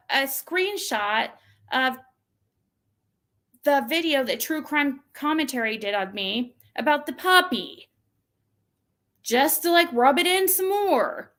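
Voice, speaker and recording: A woman hosting her own channel, venting casually and exasperatedly, mimicking the messages she received. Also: sharp tone. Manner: venting, exasperated, mocks quoted texts in a shrill voice. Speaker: channel host. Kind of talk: casual livestream rant.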